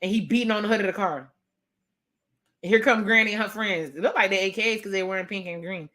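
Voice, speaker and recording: A woman vlogger giving a casual, sassy recap rant with animated delivery and laughing asides. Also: mid-range voice, quick pace.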